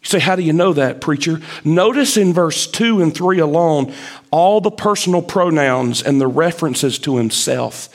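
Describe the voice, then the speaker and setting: A man preaching a sermon, emphatic, climbing high as he drives a point home and acting out the prophet's complaints. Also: expressive, normal speed.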